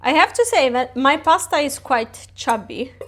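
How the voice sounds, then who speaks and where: Giggly high-voiced woman streamer. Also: animated, moderate pace, a bit bright, slight background noise. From Italy. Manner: chatty and giggly, laughs often at herself. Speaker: cooking streamer. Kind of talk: casual live-stream chat while cooking. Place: home kitchen.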